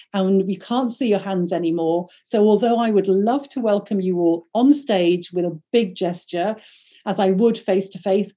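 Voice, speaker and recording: Woman coaching in a clear, emphatic voice. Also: medium pitch, mellow, dull audio. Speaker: presentation skills trainer. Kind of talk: online workshop talk.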